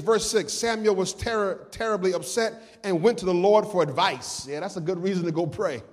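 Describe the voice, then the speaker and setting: A man preaching a sermon as pastor, with call-and-response and sung, shouted peaks that drop to quiet asides. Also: sits high, expressive, unhurried, in a large hall.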